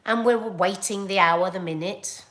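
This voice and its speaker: A middle-aged woman with a British accent, hosting a casual livestream chat and telling stories in an animated, chatty way. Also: mid-range voice, measured pace. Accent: British English. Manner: animated, chatty storytelling with laughs and asides. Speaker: livestream host reading viewer comments.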